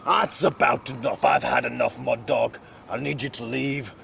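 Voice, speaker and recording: A man's voice: medium pitch, little pitch movement, a little fast, gravelly, a bit bright. A man voicing a fed-up male bartender who speaks firmly, recorded outdoors with traffic noise. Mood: stern. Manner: firm and stern.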